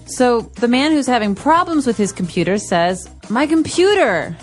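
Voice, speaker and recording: A woman's voice: a little high, animated, moderate pace, soft background music. Woman co-host explaining English phrases. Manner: clear, patient explanations with examples. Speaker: podcast co-host, English teacher. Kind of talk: English lesson podcast.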